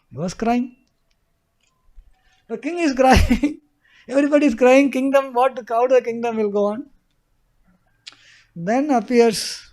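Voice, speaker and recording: A male spiritual teacher tells a scripture story to a class. His voice sits high, and he chuckles often. He repeats key phrases for emphasis.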